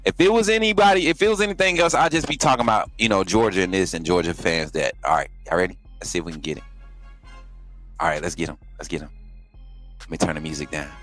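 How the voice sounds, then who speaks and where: A man's voice: sits low, quick pace, fairly bright tone, soft background music. A man hosting a live stream who chats loosely with his viewers and then poses as a polite recruiting coach on a prank phone call. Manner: loose, chatty, talks to live chat.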